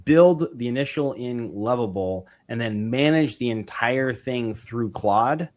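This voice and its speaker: A real estate investor appears as a guest on a podcast, chatting casually in an interview about how he runs his business. His mid-range voice is animated, unhurried and a little mellow, and he rambles enthusiastically, full of fillers and restarts.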